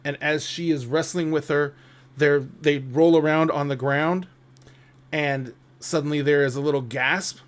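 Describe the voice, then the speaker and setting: A man narrating a tabletop game as game master, thoughtful and unhurried. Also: fairly high pitch, fairly even intonation. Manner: slow, thoughtful, with restarts.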